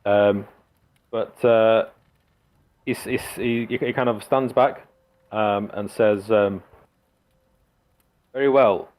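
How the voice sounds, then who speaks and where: Low voiced guy narrating a tabletop game, lots of ums and restarts. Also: fairly even intonation, takes it slowly, pauses often, a little mellow. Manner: hesitant, many fillers and restarts. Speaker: game master.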